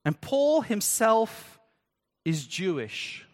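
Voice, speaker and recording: A man with a notably high voice preaching to his congregation in a conversational, question-asking way. His words ring out with a long reverb in a church hall. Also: sing-song, drawn-out words. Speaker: pastor. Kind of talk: sermon.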